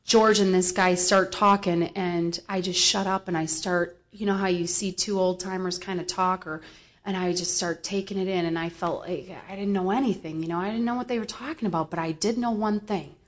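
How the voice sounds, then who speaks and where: A woman giving a personal recovery talk, telling her story with lively, animated delivery and acted-out voices. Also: fairly low pitch, moderate pace. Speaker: recovery speaker. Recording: slightly dull recording.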